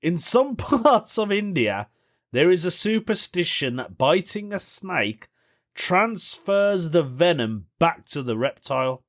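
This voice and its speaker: A man's voice: a little high, big pitch swings, slow. A man hosting a solo podcast, chatting casually, reading a news story aloud and reacting with amused disbelief. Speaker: podcast host.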